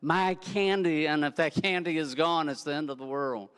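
A man voicing a little boy who is wailing over his lost candy, in a high, whiny voice. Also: moderate pace, fairly bright tone, smooth, close to an everyday voice. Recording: echoey hall.

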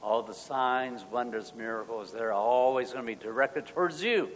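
A male pastor leading an earnest spoken prayer, moving between hushed and loud passages. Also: mid-range voice, normal speed, slight background noise. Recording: long hall reverb, soft music.

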